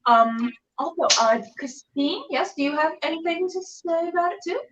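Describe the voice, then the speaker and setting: High bubbly woman host on a call. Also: animated, moderate pace, a bit bright. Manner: bubbly, exclamatory, loose fillers. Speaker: podcast host. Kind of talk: casual video-call interview. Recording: roomy, distant, dull video-call audio.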